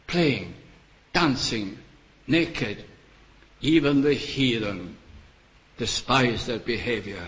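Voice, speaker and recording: Slow, earnest older preacher. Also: male voice, medium pitch, animated, fairly bright tone, low-quality recording. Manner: slow, earnest and pleading, with long pauses between phrases. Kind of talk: sermon.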